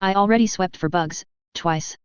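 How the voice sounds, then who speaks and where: A blunt, swearing male ambassador, read by a woman narrator. The voice is low-ish and very clear, with no room sound. The audio is slightly dull. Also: normal speed, dry recording, lightly acted. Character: blunt, foul-mouthed human male ambassador.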